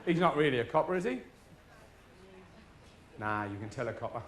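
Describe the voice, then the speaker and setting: A man's voice: medium pitch, expressive, moderate pace, a bit bright. A middle-aged man telling crude stories in a stand-up routine, swearing freely. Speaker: stand-up comedian. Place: live show before an audience.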